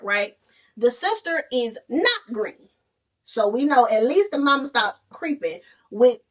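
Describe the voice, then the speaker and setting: A woman hosting a podcast, retelling a movie in a casual, animated way with playful asides. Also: on the high side, recorded from a distance. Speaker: podcast host.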